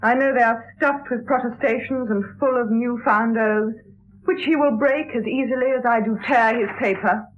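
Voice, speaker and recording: A woman's voice: fairly high pitch, normal speed, slight background noise, lightly acted. An actress playing a proud yet compassionate young noble lady, speaking verse with dignity and firmness in an old radio play. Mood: dignified. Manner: dignified, firm, stately delivery. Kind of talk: 1960s radio drama verse acting. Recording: tinny lo-fi 1960s radio broadcast.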